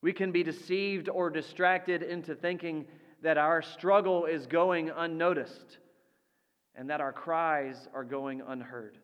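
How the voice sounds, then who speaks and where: A man preaching a sermon as pastor, slow and deliberate, letting his voice drop soft for quoted lines. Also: on the high side, steady tone, smooth, lo-fi sound. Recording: long reverb of a large hall.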